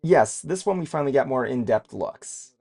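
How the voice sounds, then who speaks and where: Gravelly rambling man chatting casually. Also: mid-range voice, lively intonation, normal speed, darkish tone. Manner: rambling, self-deprecating, swears freely. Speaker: co-host of a trailer reaction show. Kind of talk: casual chat.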